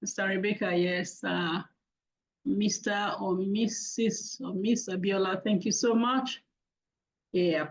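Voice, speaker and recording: A woman hosting an online talk, warmly thanking attendees one by one by name over a video call. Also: medium pitch, fairly even intonation, slow, a little hiss or hum. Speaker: host of an online money talk. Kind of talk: casual thank-yous and roll-call at the close of a video call. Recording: dull lo-fi video call audio.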